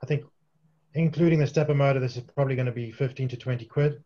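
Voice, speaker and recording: A man from the UK answering questions after his talk on a video call, chatty and relaxed with many restarts. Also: medium pitch, fast talker, dull audio. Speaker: guest presenter.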